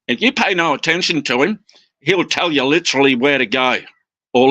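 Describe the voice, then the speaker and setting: A man's voice: mid-range voice, animated, fairly quick, sharp tone, no room sound, highs cut off. A man chatting as a guest about his parrots, rambling with restarts and mimicking his birds' phrases, talking into a phone. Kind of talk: casual chat.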